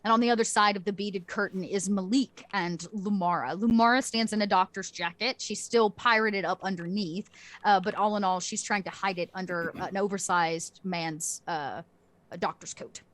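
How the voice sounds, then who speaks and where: A woman narrating as game master of a tabletop role-playing game, halting with many fillers. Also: medium pitch, steady tone, a bit bright.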